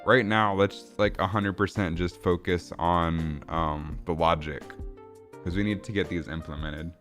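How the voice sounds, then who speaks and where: A man's voice: low voice, fairly even intonation, measured pace, a bit bright, soft background music. A man casually chatting with viewers while building a game, rambling, swearing and laughing. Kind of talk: casual livestream chat.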